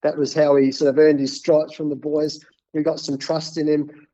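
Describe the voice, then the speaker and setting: A man in his fifties with an Australian accent, a cricket coach being interviewed, telling stories in a casual, animated way and often repeating words. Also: on the high side, normal speed, highs cut off.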